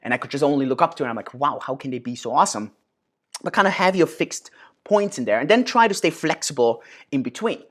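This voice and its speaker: A man in his thirties runs a casual Q&A monologue, answering viewers' questions in an animated way full of fillers and restarts. His voice is on the high side and he talks fast.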